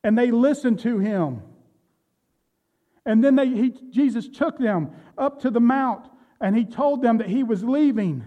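High-voiced preacher guy telling bible stories to the congregation, kinda muffled lo-fi sound. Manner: storytelling preacher, addresses congregation directly. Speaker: pastor. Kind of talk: sermon.

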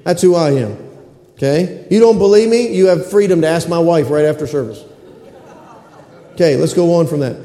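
A man's voice: fairly high pitch, normal speed, long pauses, mellow. A middle-aged male pastor preaching a sermon in a church, emphatic and repetitive, often asking the congregation to respond. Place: church sanctuary. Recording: echoey hall reverb.

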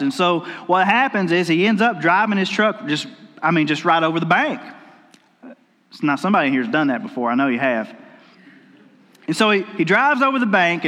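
Preaching in a church sanctuary, this pastor has a voice that sits high for a man and sounds pushed and bright. He tells his sermon in a folksy, story-driven way, frequently circling back to begin sentences again, with the long reverb of the hall ringing around him.

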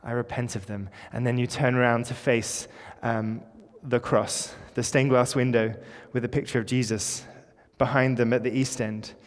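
A man's voice: mid-range voice, level tone, moderate pace, few pauses. A male pastor giving an informal, conversational sermon in a church, with light jokes. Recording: echoey church with long reverb.

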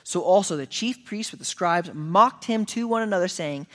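A man's voice: high voice, expressive, normal speed, hardly any pauses. A man preaching a sermon as pastor, earnest, raising his voice for emphatic quoted lines. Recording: long reverb of a hall.

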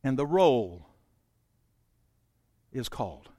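A man preaching a sermon, folksy and direct with his congregation, swinging between loud proclaiming and hushed, intimate stretches. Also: medium pitch, sing-song, slow pace, no echo, clean studio sound. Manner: folksy, talks straight to the congregation. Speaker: pastor.

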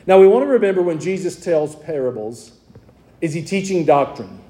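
A man's voice: fairly high pitch, expressive, normal speed, mellow. A man with a Southern US accent preaching a sermon in a conversational way, asking his congregation rhetorical questions. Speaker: pastor.

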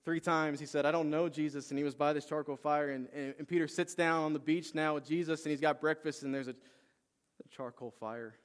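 A man preaching a sermon, retelling a Bible story with lively acted-out lines and rising energy. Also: fairly high pitch, a little fast, clear, resonant tone. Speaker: pastor.

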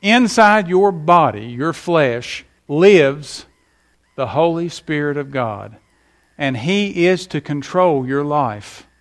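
A man's voice: on the high side, fairly bright tone. A middle-aged man preaching a sermon with emphatic delivery and folksy stories. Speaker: pastor.

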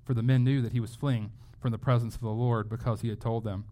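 Man, sermon, conversational preaching, repeated words, medium pitch. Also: fairly quick, hardly any pauses, warm tone. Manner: conversational, with frequent word repeats. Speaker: pastor.

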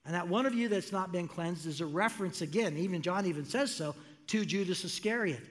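High-voiced pastor preaching in a reverberant hall. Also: male voice, fairly quick. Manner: animated, acts out quoted voices with rising pitch. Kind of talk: sermon. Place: church sanctuary.

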